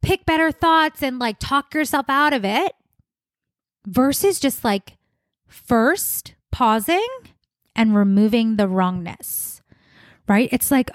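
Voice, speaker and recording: A young adult woman hosts a solo wellness podcast in a bright, conversational tone, leaning on repetition to make her points. Her voice sits a little high. The sound is close and dry, with no room around it. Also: lively intonation, slow pace, pauses often, no echo. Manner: upbeat, conversational, repeats words for emphasis. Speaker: podcast host, wellness coach.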